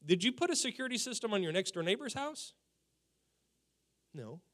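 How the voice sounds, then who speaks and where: High-voiced, animated male preacher. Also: moderate pace. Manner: animated storytelling, emphatic repetitions. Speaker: pastor. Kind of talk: sermon.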